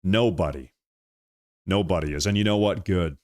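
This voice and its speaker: A man's voice: low voice, moderate pace, darkish tone. A man hosting political commentary, ranting heatedly and firing off repeated rhetorical questions.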